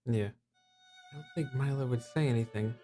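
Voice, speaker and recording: A man's voice: medium pitch, moderate pace, dark tone, soft background music. A man playing a tabletop game, talking in an easygoing, casual way. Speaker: player.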